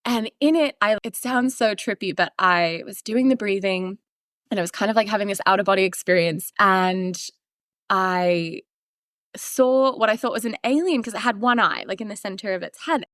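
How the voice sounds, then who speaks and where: A woman in her thirties, a podcast guest telling her story in a casual, animated way, laughing often and acting out what she once said. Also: mid-range voice, normal speed, dry recording, studio quality.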